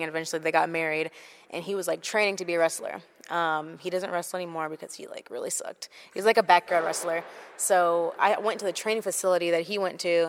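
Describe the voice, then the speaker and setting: A young woman from the United States talks through an interview in a slightly low voice. She laughs easily and sprinkles her answers with "like". Her tone is casual and unhurried. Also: a little hiss or hum. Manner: giggly, relaxed, many "like" fillers. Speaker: wrestler guest.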